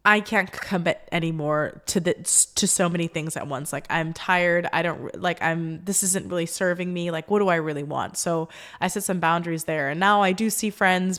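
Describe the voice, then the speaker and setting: Chatty young woman with a lowish voice. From Los Angeles. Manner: candid, chatty, full of fillers like "like" and "you know". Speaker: podcast host. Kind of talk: casual self-help talk.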